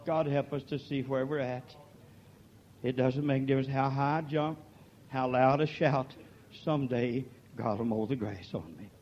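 Older man, preacher, sermon, folksy then shouting, muffled lo-fi recording. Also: medium pitch. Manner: swings from quiet folksy talk to shouted, drawn-out peaks.

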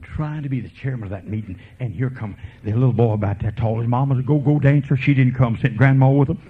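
A man preaching a revival sermon as a folksy evangelist, swinging from quiet murmurs to fervent preaching. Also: medium pitch, fast, slightly rough. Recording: tinny lo-fi sermon tape.

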